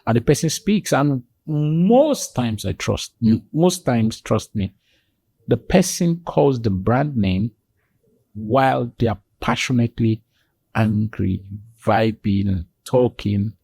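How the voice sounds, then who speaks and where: Slow and creaky, this man's warm, husky voice comes through with no echo. As a guest on a podcast, he spins animated stories in conversation, voicing the characters himself, with abrupt high pitch jumps whenever he quotes someone.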